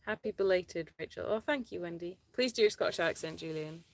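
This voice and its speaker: Soft-spoken woman with a lowish voice. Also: fairly quick. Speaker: sanctuary co-host reading viewer comments. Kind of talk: casual live chat.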